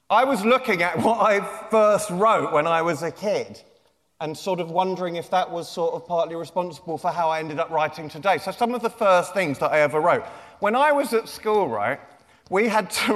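A man's voice: sits high, fairly bright tone. A man in his forties, a children's author, giving a playful, self-mocking comic talk to young fans. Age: 40s. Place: large lecture theatre. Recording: reverberant hall.

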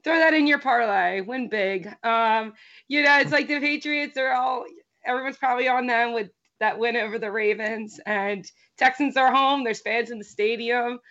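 A woman's voice: a little high, moderate pace, fairly bright tone, muffled recording. A woman giving sports picks in a casual chat, upbeat and laughing.

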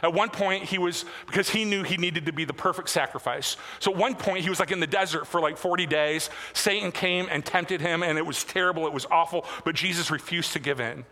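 A man's voice: a little high, a little fast, few pauses, pushed and bright. A man preaching a sermon as pastor, conversational and self-deprecating, with casual asides. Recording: long hall reverb.

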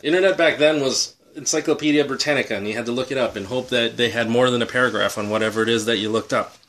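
A man's voice: mid-range voice, fairly bright tone, slight background noise. Casual man reminiscing on a podcast. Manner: reminiscing, chuckles often. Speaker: podcast co-host.

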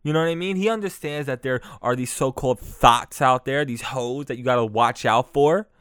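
A man hosting a podcast, giving crude comic commentary on clips, laughing often and excitable. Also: medium pitch, normal speed, smooth, no room sound, clean studio sound. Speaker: podcast host.

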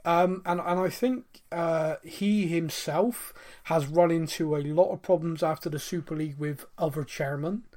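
Chatty rambling man, fairly high voice. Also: moderate pace, a little mellow. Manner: rambling, self-interrupting, fond of mimicking accents. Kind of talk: casual chat.

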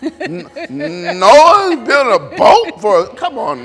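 High-voiced preacher in a reverberant hall. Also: male voice, drawn-out words, gravelly. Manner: animated, repetitive, conversational preaching. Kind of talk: informal sermon with congregation responses. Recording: long reverb in a church hall.

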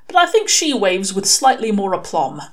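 A woman's voice: mid-range voice, sing-song, moderate pace, natural voice. A woman voicing a proud old male tramp who eats fire, speaking in grand, old-fashioned phrases in a storybook reading. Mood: grandly courteous.

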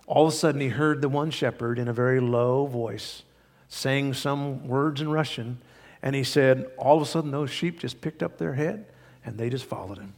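Pastor, male, gravelly tone, emphatic conversational sermon delivery, recorded in a reverberant sanctuary. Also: medium pitch. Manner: emphatic, conversational preaching with rising exclamations. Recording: long hall reverb.

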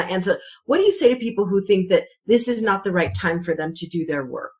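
A woman hosting a podcast interview, asking reflective, measured questions. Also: mid-range voice, lively intonation, a little mellow. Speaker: podcast host.

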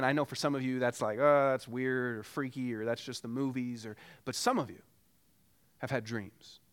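A male pastor preaching a sermon in an animated, conversational way that climbs to emphatic peaks. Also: medium pitch.

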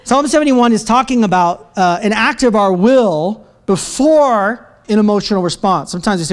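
A man preaching a sermon to a church congregation, energetic and joking, breaking into shouted praise. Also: sits high, moderate pace, few pauses. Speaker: pastor. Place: church sanctuary.

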